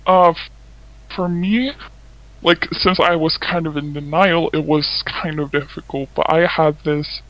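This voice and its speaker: A man's voice: fairly high pitch, fairly even intonation, unhurried, no room sound, highs cut off. A man, the anonymous guest, telling a personal story casually with lots of fillers and swearing. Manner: fillers and swearing, acts out quoted lines. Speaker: anonymous interviewee.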